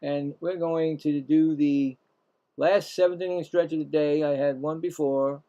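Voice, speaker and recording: A man's voice: on the high side, steady tone, unhurried, warm tone, highs cut off. A man hosting casual live baseball play-by-play, rambling, self-mocking, and often stumbling and correcting himself. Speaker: play-by-play host.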